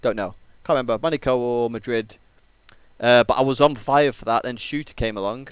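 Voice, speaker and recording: A man's voice: medium pitch, brisk, clean tone, no room sound. A man from England, a casual and jokey game streamer, chatting on a live stream and rambling with many fillers.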